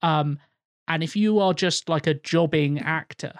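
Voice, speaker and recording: A man's voice: on the high side, unhurried, dry recording, studio quality. A man co-hosting a podcast, talking thoughtfully about actors' work, hesitant and full of fillers. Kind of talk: casual chat about acting.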